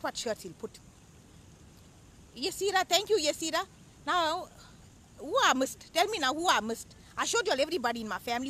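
Bossy auntie played by a woman, high lively voice, nags and teases nonstop, fast talker. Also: a little hiss or hum. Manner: chatty, teasing, scolding. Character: loud bossy middle-aged aunty matriarch. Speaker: show host. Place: outdoors at a beach.

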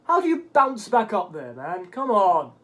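A man commentating a golf video game, swearing often and yelping at bad bounces, his voice cracking into high squeaks. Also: wildly swooping pitch, a little slow, fairly bright tone. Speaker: gaming channel host. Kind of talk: let's play commentary.

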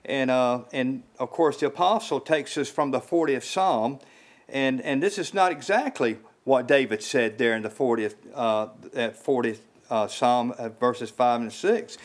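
A lay preacher with a medium-pitched voice gives an informal sermon in a small house church. He halts, repeats words, and uses many fillers, and his voice rises when he stresses a point.

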